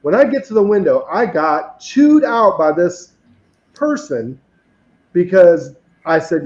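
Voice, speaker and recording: A man's voice: high-pitched, animated, measured pace, a little mellow. A man raised in the US South, hosting a podcast and telling stories in a chatty way with many restarts. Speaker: podcast host. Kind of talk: casual chat. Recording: roomy, dull lo-fi sound.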